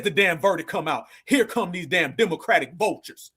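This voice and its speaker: A man's voice: sits high, lively intonation, moderate pace, fairly bright tone, husky. A man hosting a livestream, giving a fired-up, preachy rallying monologue full of repeated call-and-response phrases. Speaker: livestream host.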